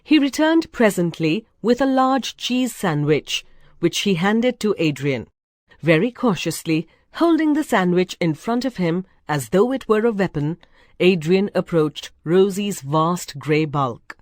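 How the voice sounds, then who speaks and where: Female narrator for a storybook reading, lowish voice, measured and expressive, dry close sound. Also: dry recording. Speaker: reader.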